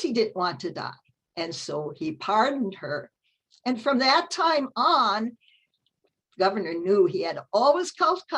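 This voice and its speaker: Expressive woman storyteller, breathy voice. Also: mid-range voice, low-quality recording. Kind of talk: live folktale storytelling.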